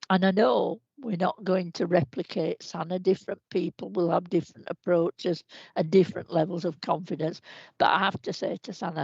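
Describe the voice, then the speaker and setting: Gravelly woman chairing a meeting. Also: fairly low pitch, no echo. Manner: warm, effusive thanks. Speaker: chair of a council board. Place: council meeting room. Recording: slightly muffled livestream audio.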